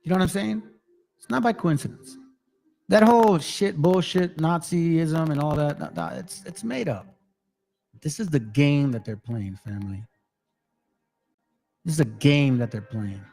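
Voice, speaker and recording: A man's voice: a little high, animated, measured pace, gravelly, a little mellow, faint music behind. A man hosting his own channel, talking loosely to viewers he calls family and swearing freely. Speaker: channel host. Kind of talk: casual monologue to viewers.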